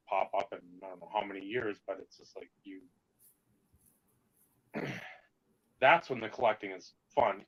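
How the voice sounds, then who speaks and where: A man's voice: on the low side, highs cut off. A man co-hosting a podcast in casual chat, swearing freely and ranting heatedly, slipping into mocking put-on voices. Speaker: podcast co-host.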